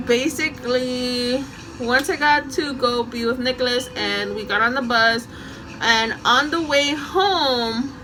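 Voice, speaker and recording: A young woman casually telling a story from her school days, animated and often laughing. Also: fairly high pitch, slow, over music, low-quality recording.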